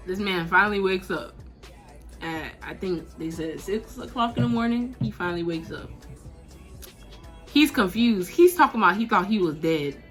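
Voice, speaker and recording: A 19-year-old woman vlogger telling a casual, slangy storytime, animated and laughing as she goes. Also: medium pitch, measured pace, pauses often, faint music behind.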